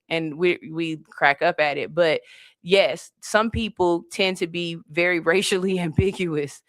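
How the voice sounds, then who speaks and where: A woman hosting a podcast, telling stories in a casual, animated way with frequent laughs. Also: fairly low pitch, a little slow, no echo, clean studio sound. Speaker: podcast host. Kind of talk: casual comedic chat.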